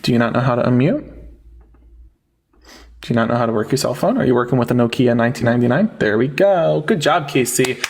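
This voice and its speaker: Sarcastic husky-voiced man hosting a debate. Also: medium pitch, expressive, quick pace, a little mellow. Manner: mocking, sarcastic, interrupts guests. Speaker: livestream debate host. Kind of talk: live online debate.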